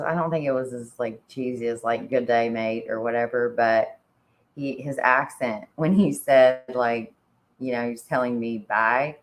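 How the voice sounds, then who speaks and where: A woman's voice: very deep voice, poor audio. A woman chatting casually on a talk show, laughing often and filling her talk with "like". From Indiana. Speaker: podcast co-host. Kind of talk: casual chat.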